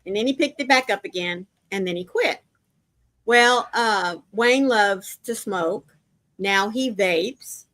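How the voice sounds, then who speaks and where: A woman's voice: medium pitch, takes it slowly, fairly bright tone. A woman co-hosting a casual live chat, greeting viewers affectionately and telling family stories. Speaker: livestream co-host.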